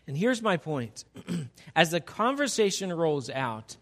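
A man preaching a sermon in a lively, conversational way, often asking his listeners rhetorical questions. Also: on the high side, slow. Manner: conversational, animated, asks the audience rhetorical questions. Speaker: pastor.

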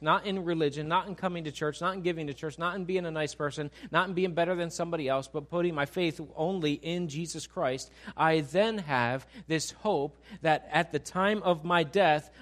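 A man preaching a sermon with a somewhat high voice. He asks the congregation questions and builds to emphatic, animated peaks. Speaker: pastor.

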